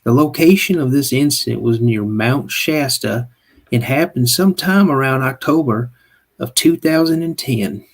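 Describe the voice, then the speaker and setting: A man's voice: medium pitch, lively intonation. A man with a Southern US drawl, co-hosting a podcast and reading a story aloud at an easy pace. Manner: slow put-on Southern drawl when reading. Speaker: podcast co-host.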